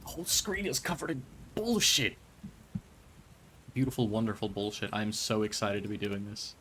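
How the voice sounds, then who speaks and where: A man's voice: fairly low pitch, normal speed, slight background noise. Rambling, joking male game streamer. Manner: rambling, joking, with sudden loud excited bursts; self-deprecating, stumbles over words. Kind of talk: casual game-stream commentary.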